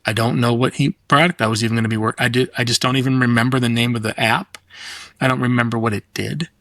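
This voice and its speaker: A middle-aged man chatting as a podcast guest, rambling and profane as he tells animated stories. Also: medium pitch, fast, no echo. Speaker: guest designer. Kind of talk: casual podcast chat.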